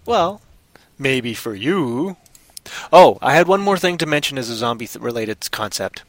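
A man's voice: medium pitch, lively intonation, moderate pace, no echo. A man hosting a podcast, chatting casually in a rambling, jokey way. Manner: rambling, jokey, bursts of loud goofy voices. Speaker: podcast host. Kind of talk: casual chat.

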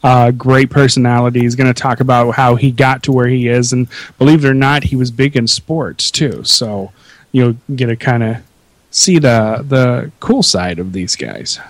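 A man's voice: medium pitch, normal speed, no room sound. A man co-hosting a show in casual chat, easygoing and laughing along. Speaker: podcast co-host.

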